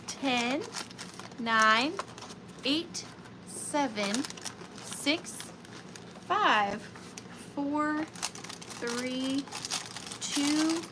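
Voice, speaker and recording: A woman's voice: high-pitched, background noise. A woman with a Southern US accent, hosting a live vintage sale, chatting playfully and counting down bids. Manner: chatty, playful, sing-song and animated, talking to buyers. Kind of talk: live auction stream chat.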